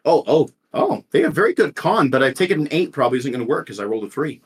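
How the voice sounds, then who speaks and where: Male GM, playful, animated, lively, a touch husky. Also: medium pitch, fast. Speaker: guest game master. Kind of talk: running a tabletop game.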